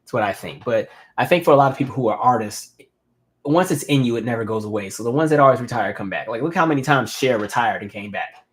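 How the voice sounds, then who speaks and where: A man in his thirties hosts a relaxed live stream and chats with his viewers. He tells stories with lively energy and reads their comments out loud in an ordinary mid-range voice. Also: medium pitch, fast talker. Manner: animated storytelling, reads viewer comments aloud. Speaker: host. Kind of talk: casual live-stream chat.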